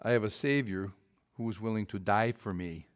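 With a voice on the low side and a clean tone, a male preacher addresses his congregation at a moderate pace. His sermon is emphatic, full of questions for the listeners, moving back and forth between loud and quiet moments.

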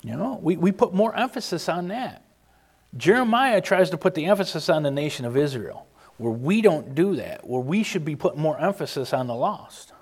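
Man, informal sermon, emphatic, lively pitch, halting restarts. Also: slightly rough. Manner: earnest, emphatic, with frequent restarts and halting pauses. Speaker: preacher.

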